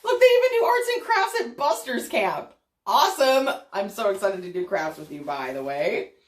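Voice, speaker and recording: Animated woman reading a children's story. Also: mid-range voice. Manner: animated, pauses to ask listeners questions. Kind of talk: reading a picture book aloud to children. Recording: echoey room.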